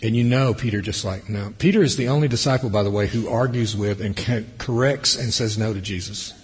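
Man, preacher, breathy raspy voice, sermon, loud then hushed delivery, reverberant hall. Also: lowish voice, fairly quick. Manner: swings between loud emphasis and hushed near-whispers.

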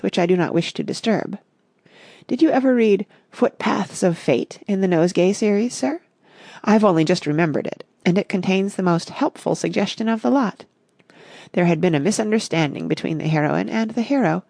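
A prim, wordy male servant from a storybook, read by a woman, deferential and measured. Her husky voice sits low with a gravelly edge. The recording is dry. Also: darkish tone, no echo.

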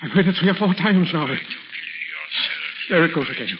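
A man's voice: on the high side, moderate pace, dull audio, lightly acted. An actor playing a tormented, nervous man who hears voices, jittery and overwrought, in 1940s radio acting style. The sound is an echoey, hissy 1940s radio broadcast. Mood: frantic.

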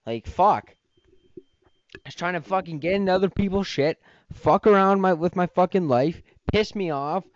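A man's voice: sits high, moderate pace, no room sound, dull audio. A man hosting a podcast, ranting in a heated, profane, rambling way. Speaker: podcast host. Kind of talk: casual podcast rant.

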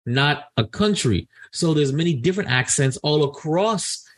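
A man co-hosting a casual chat, talking in an animated, indignant way with many restarts. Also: fairly high pitch, moderate pace. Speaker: podcast co-host.

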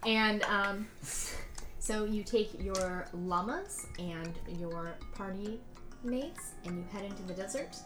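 A woman's voice: mid-range voice, slow pace, over music. Chatty woman game master, echoey room. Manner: chatty, laughing often. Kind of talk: narrating a tabletop game.

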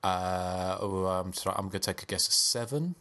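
A man in a casual podcast quiz, talking haltingly with wry, teasing remarks. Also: sits low, sharp tone. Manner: hesitant, wry, halting restarts. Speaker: podcast co-host, quiz contestant.

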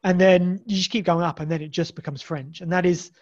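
An English man with a fairly high voice talks loosely, circling back and restarting his sentences often. The sound is dull and lo-fi, like a modest home setup. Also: steady tone, fairly quick, a little mellow. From England. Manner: rambling, many restarts and fillers. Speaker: guest. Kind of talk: casual podcast conversation.

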